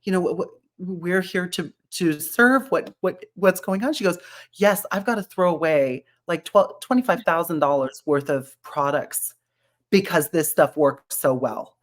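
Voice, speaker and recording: A woman chatting casually about beauty products, animated, laughing often and restarting her sentences. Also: lowish voice, measured pace. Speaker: brand representative.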